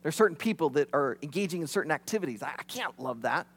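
A preacher voicing a doubtful churchgoer who stammers out objections, as an example in a sermon. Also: male voice, fairly high pitch, lively intonation, fast, a bit bright, slightly rough, big-room sound, voice pushed down, heavily acted. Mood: reluctant. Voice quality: hesitant, stammering.

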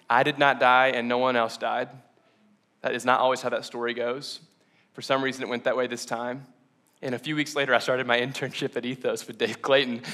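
A man's voice: medium pitch, fairly bright tone. A young adult man preaching a sermon, earnest and confessional, close to tears at times, stumbling and restarting as he tells his own story. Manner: earnest and confessional, with self-conscious laughs and restarts. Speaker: pastor.

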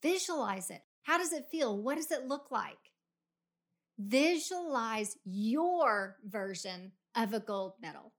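A woman's voice: fairly high pitch, lively intonation, slow pace. Emphatic woman coaching a visualization. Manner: coaching, emphatic, builds to loud affirmations. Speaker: motivational podcast host. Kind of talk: guided visualization pep talk.

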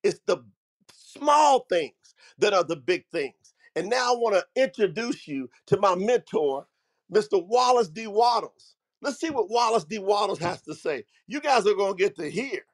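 A man's voice: sits high, animated, moderate pace. A middle-aged man hosting a talk, telling a story with emphatic, preacher-like energy and calling his listeners family. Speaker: host. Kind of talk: motivational storytelling.

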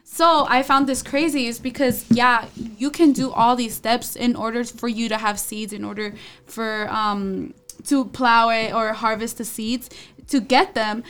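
A young woman reflecting in a casual church group discussion, quoting verses as she goes. Her voice is smooth and clear, set a little high. She speaks in a thoughtful, considered way. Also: steady tone, unhurried, a bit bright. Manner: thoughtful, reflective, quotes scripture. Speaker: church youth group member.

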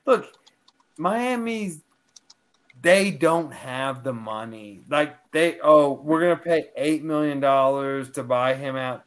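A man's voice: fairly high pitch, takes it slowly. A man co-hosting a casual sports podcast, fired up and argumentative, talking over the others.

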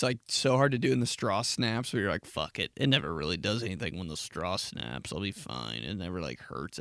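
Young man, solo podcast host, gravelly, dry close mic, profane animated ranting. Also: no echo. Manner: profane, animated, acts out mocking quotes in shrill voices. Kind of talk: casual solo podcast rant.

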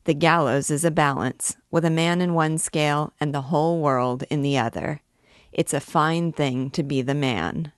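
A cheeky young student in an audiobook reading, mocking and carefree, as a woman reader puts him on. Low-pitched, dry close sound. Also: steady tone, normal speed, dry recording, close to an everyday voice. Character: flippant reckless young male student.

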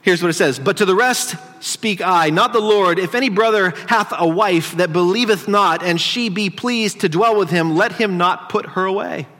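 Male pastor, conversational sermon with playful asides; high-pitched, recorded in a reverberant church hall. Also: moderate pace, few pauses, fairly bright tone. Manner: conversational preaching, teasing the congregation. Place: church sanctuary.

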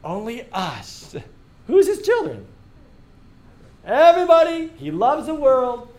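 Animated, joking male teacher in class. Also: extremely high pitch, takes it slowly. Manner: animated, joking, laughs often. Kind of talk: classroom discussion. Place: school classroom.

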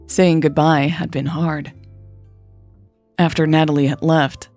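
A woman reading a romance story aloud in a calm, even narration. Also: deep voice.

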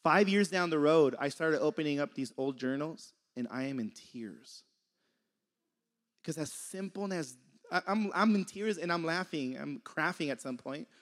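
A man's voice: on the high side, expressive, moderate pace. A young man giving a casual sermon, conversational and laughing often, sometimes losing his train of thought. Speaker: preacher.

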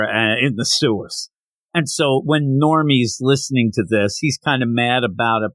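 A man hosting a podcast, casually recapping a comic issue and jumping into quick, animated voices for the characters' lines. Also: medium pitch, no room sound. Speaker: podcast host.

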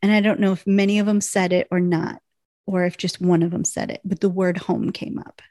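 A woman co-hosting a casual podcast, recapping a TV episode with animated storytelling and frequent laughter. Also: lowish voice, a little fast, no echo. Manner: animated storytelling, laughs often, many fillers. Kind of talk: casual chat.

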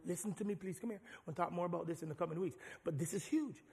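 A man preaching a sermon as pastor, animated and rising to shouts. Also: high voice, fast talker, gravelly. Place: large church hall. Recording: long hall reverb.

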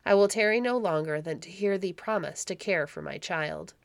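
A woman voicing a rough, vengeful baron. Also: lowish voice, normal speed, no echo, lightly acted. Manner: rough, vehement speech. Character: wounded, vengeful medieval male baron, rough and proud.

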